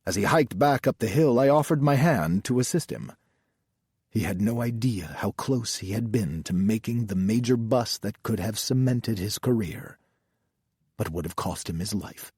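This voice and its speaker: A man narrating an audiobook in a tense, measured way, with a husky voice. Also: fairly low pitch, expressive, a little mellow, no echo, clean studio sound.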